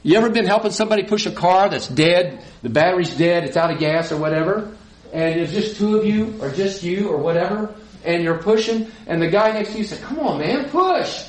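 A man's voice: high voice, fairly quick, rough recording. A man preaching a sermon, reading scripture and leading the congregation to say lines back, with folksy asides. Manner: leads congregation in call-and-response, folksy asides.

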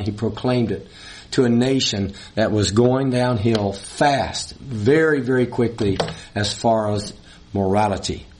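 A man's voice: medium pitch, darkish tone. A man preaching a sermon, reading scripture and stressing points with repeated words and short laughs.

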